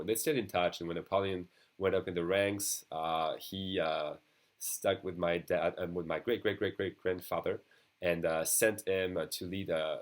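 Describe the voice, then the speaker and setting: Deep-voiced French man teaching. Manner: explains patiently, repeating words slowly. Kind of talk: beginner language lesson.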